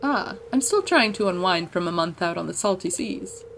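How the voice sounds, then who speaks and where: A woman's voice: fairly low pitch, lively intonation, moderate pace, creaky, fairly bright tone, a little hiss or hum. A woman voicing a jolly old male fisherman and shopkeeper, reading his lines in a folksy, hearty way, in a farming video game. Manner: folksy, hearty, read-aloud dialogue.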